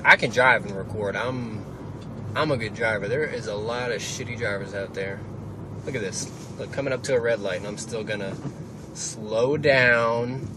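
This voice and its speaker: A young man vlogging from his car while driving, rambling casually and swearing offhandedly. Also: mid-range voice. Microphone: phone camera held while driving. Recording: car noise behind the voice. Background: engine and road noise.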